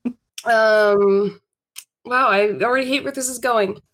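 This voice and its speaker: A woman's voice: on the high side, fairly even intonation, a little slow, fairly bright tone. A woman hosting a comedy podcast, reading aloud and chatting casually, exasperated and laughing. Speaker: podcast host.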